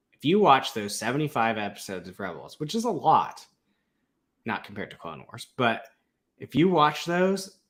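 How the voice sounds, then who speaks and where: A man's voice: medium pitch, a bit bright. A young man co-hosting a casual fan podcast, talking in a laid-back, rambling way. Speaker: podcast co-host.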